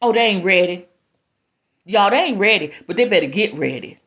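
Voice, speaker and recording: Speaking at a moderate pace with lively intonation, a woman gives a passionate, sermon-like monologue to her live-stream audience, occasionally on the edge of tears. She's a spiritual teacher; her medium, slightly bright voice comes through a phone or webcam with the highs cut off.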